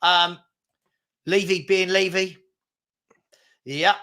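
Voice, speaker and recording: English male co-host, slightly high voice, chatty rambling match commentary. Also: flat delivery, very slow, bright, forceful tone. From England. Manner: chatty, rambling, lots of fillers and restarts. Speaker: live stream co-host. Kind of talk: casual live football commentary.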